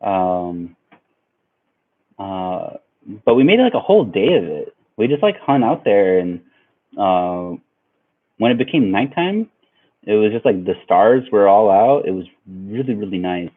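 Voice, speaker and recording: Young guy with a lowish voice just rambling thru a story, lots of ums, sounds tinny like a phone. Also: sing-song, unhurried, long pauses. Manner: rambling, laid-back, lots of fillers. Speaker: vlogger. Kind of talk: casual storytelling.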